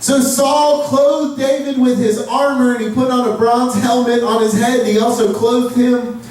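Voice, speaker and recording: High-voiced pastor in an echoey hall. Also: male voice, normal speed. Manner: storytelling, acts out voices with rising excitement. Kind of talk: casual sermon. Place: church sanctuary. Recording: echoey room, from far off, faint noise.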